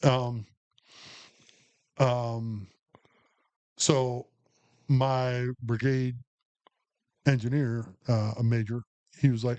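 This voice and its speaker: A man's voice: mid-range voice, level tone, drawn-out words, long pauses, a little mellow, lo-fi sound. A middle-aged man, an Army veteran co-hosting a podcast, telling stories in a rambling way full of fillers. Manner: rambling, anecdotal, heavy with fillers. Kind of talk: casual storytelling chat.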